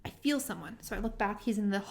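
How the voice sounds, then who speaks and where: A woman's voice: mid-range voice, fast, gravelly. Chatty young woman telling dating stories. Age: young adult. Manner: animated, swears a lot, acts out quotes. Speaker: podcast co-host. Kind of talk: casual chat, storytelling.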